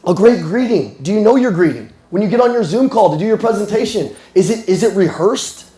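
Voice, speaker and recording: High-voiced man coaching a live room. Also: brisk. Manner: animated, playful, addresses the crowd directly. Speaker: sales coach speaking live. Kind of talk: motivational talk to a live room. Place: roomy hall with a live audience. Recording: echoey room with faint music.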